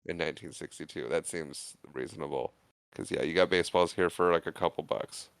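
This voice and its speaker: A man's voice: extremely low pitch, a little fast, clean tone, no room sound, studio quality. A man co-hosting a podcast, casually recapping a movie scene by scene and acting out the characters' lines. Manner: animated, acts out characters' lines while retelling scenes. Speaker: podcast co-host.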